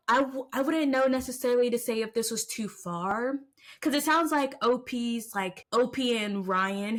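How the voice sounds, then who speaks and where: A young woman co-hosting a casual podcast, who talks in a blunt, puzzled way and uses "like" often. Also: fairly high pitch. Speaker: podcast co-host. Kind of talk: casual chat.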